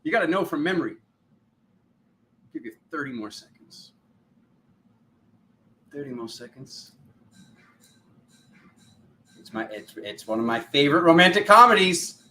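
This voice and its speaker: A man hosting a casual livestream, excitable and quick to laugh as he greets viewers by name. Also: a little high. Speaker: spiritual livestream host.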